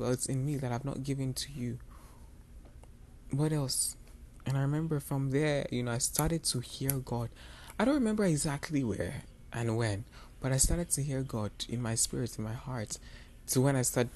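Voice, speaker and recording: A man's voice: medium pitch, gravelly, slight background noise. A young man hosting a podcast, earnestly telling his personal faith testimony in a rambling, confessional way. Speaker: podcast host.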